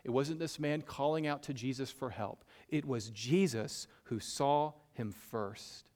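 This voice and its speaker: A pastor with a Southern US accent gives a folksy, self-deprecating, conversational sermon, often repeating points for emphasis. He speaks unhurriedly in a mid-range voice with a darkish tone.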